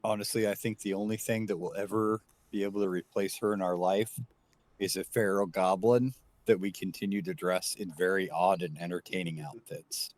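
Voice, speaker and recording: Deep-voiced wry player. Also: male voice, steady tone, moderate pace, a little mellow, no echo. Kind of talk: casual tabletop play.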